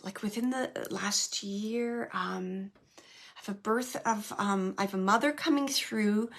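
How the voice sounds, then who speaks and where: Bright, halting woman medium. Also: mid-range voice, creaky. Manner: halting, searching delivery with many restarts. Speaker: medium, show host. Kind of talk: live mediumship reading.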